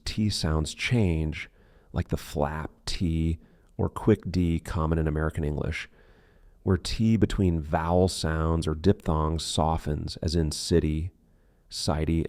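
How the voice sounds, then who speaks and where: A man teaching English pronunciation in a scripted lesson, slowly modeling example words one by one. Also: rumbling low, darkish tone, no room sound, studio quality.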